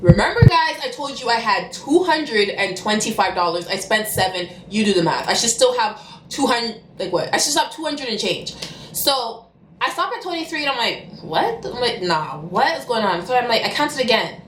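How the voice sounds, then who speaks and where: A young woman tells a storytime vlog at a fast, animated clip. Her voice is bright and swoops widely in pitch. She is recorded in an echoey room with faint noise behind. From Canada. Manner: fast-talking and animated, bursting into loud cussing. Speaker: vlogger.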